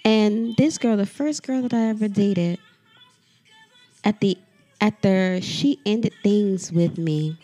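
A woman's voice: mid-range voice, dark tone. A woman hosting her own podcast, venting in a heated, profane solo monologue and speaking straight to her listeners. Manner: addresses listeners directly. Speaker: podcast host.

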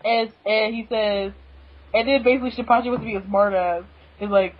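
A woman's voice: medium pitch, steady tone, fairly quick, dull audio, slight background noise. A woman co-hosting a podcast, recapping a manga chapter in a giggly, enthusiastic casual way. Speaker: podcast co-host.

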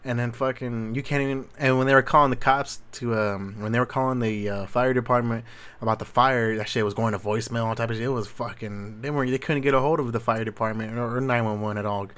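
The young host of a solo Q&A speaks quickly in a clean, fairly bright, medium-pitched voice with fairly even intonation. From Southern California, he delivers a rambling, profane, slang-filled casual rant.

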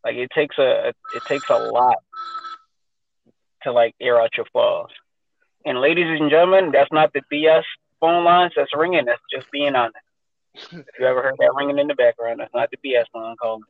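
A man's voice: medium pitch, steady tone, moderate pace, gravelly, dry recording. Rambling man on a tinny phone line. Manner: loose, rambling, full of fillers. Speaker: podcast co-host. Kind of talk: casual podcast chat.

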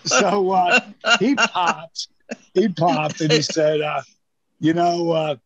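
A man's voice: a little high, fairly even intonation, takes it slowly, a bit bright, no room sound, muffled recording. An older man telling rambling, profane anecdotes in casual chat, acting out the lines of the people in his stories. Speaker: storyteller guest.

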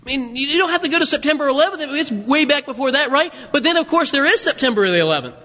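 A bright, high-pitched man in his fifties preaching in an animated, joking way. His voice carries a long hall reverb from the church sanctuary around him. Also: quick pace. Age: 50s. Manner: animated, jokey preaching with self-deprecating laughs. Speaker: pastor. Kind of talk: sermon.

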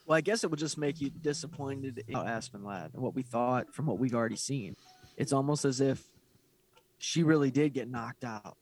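A man's voice: medium pitch, normal speed, a little mellow. A man co-hosting a casual podcast about fights, talking hesitantly and searching for words. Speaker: podcast co-host. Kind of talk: casual fight-talk chat.

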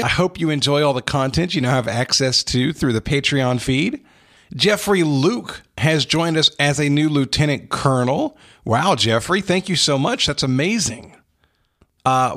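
A man hosting a podcast, warmly thanking supporters in a casual, earnest way with frequent restarts. He is recording in an unfinished spare room without soundproofing, with a slight room echo. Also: on the high side. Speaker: podcast host. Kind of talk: casual thank-you segment.

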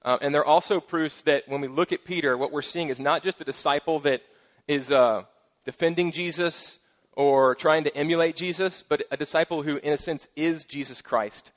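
A middle-aged man preaching a sermon as pastor, casual and playful with joking asides and lively emphasis. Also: on the high side, normal speed.

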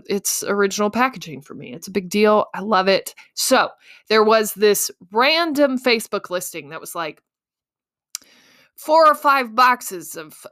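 A young adult woman hosting a podcast, telling a story in a casual, animated, self-mocking way and acting out her own panicked thoughts. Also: mid-range voice. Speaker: podcast host.

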